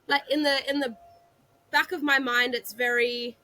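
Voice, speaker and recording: High, bright Australian woman. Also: fairly even intonation, moderate pace. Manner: reflective, hesitant restarts. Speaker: author guest. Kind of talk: casual interview chat.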